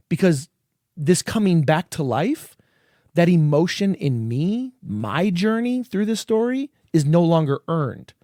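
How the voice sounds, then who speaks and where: A man's voice: on the high side, a little slow, dry recording, studio quality. A man co-hosting a podcast in casual chat, swearing freely and acting out reactions as he talks. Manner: animated, swears freely, acts out quoted reactions. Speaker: podcast co-host.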